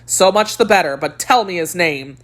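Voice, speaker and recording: A woman's voice: fairly low pitch, moderate pace, close to an everyday voice. A woman doing a gallant young swordsman. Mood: ardent. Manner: earnest, flattering, ardent.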